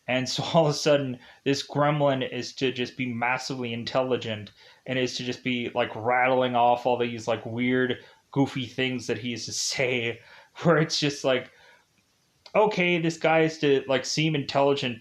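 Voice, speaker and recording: A young man casually recapping a movie plot, with lots of "uh" and "like" fillers and frequent chuckles. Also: mid-range voice. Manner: filler-heavy, chuckling often. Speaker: movie reviewer. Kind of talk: casual rambling film recap.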